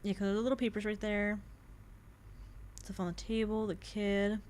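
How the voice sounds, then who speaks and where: A young adult woman streaming a game with casual commentary, excitable and jumpy, laughing and swearing often. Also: medium pitch, normal speed. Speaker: VTuber streamer.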